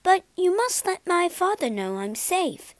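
A woman's voice: extremely high pitch, sing-song, measured pace, no room sound, pitched above the performer's own voice, full character voice. A woman voicing a kind, brave young heroine. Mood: earnest.

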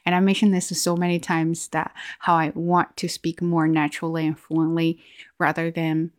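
A woman's voice: low-pitched, little pitch movement, normal speed, no room sound, studio quality. Reflective woman with a Chinese accent. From China. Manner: reflective, with frequent restarts and fillers. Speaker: video host. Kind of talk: casual vlog monologue.

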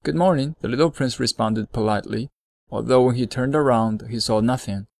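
Male storybook narrator, calm and even, mid pitch, dry close recording. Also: brisk, vocal fry, no room sound. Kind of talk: storybook reading.

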